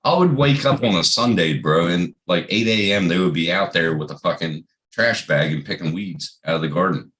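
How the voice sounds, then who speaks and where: A man's voice: low-pitched, moderate pace, few pauses, a bit bright. A middle-aged man and father telling funny stories in casual chat, swearing often and laughing. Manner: profane, laughing storyteller.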